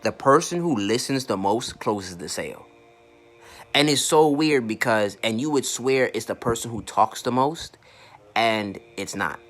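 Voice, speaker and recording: A man's voice: medium pitch, measured pace, fairly bright tone. Blunt, profane man talking marketing. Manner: blunt and profane, stumbles over repeated words. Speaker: online marketing coach. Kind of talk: casual to-camera rant.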